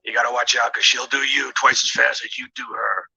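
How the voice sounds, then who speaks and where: An actor playing a blunt, gruff middle-aged man in an animated film, who cuts straight to business. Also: medium pitch, brisk, exaggerated voice, poor audio.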